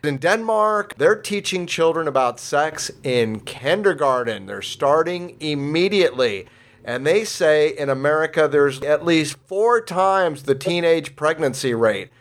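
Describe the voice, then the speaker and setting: A man with a fairly high voice speaks as the host of a conversation. He lays out his points in an assertive, explanatory way. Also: expressive, measured pace. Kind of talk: conversational commentary.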